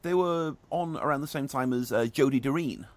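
A man's voice: mid-range voice, normal speed, dry recording. A middle-aged man, giving dry, sardonic film and music reviews in casual radio chat.

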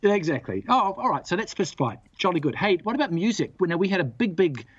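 A jovial male radio host keeps the chat light and easygoing. His voice sits a little high and has a husky edge. The recording is dry but muffled and lo-fi. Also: sing-song, fast talker, no room sound.

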